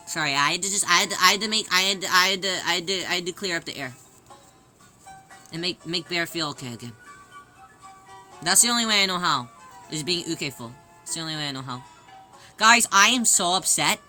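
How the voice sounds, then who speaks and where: Woman streamer, casual chat; very bright, sharp voice pitched on the low side; playful, repetitive bursts. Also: soft background music. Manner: playful and excitable, repeats phrases in rapid bursts; rambling, with frequent restarts and fillers. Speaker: live streamer chatting with viewers. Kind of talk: casual live-stream chat while sewing.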